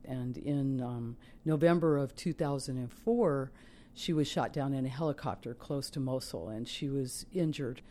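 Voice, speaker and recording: A woman's voice: a bass voice, moderate pace, warm tone, slight background noise. A middle-aged woman, the mother of a soldier, giving an earnest, reflective personal testimony.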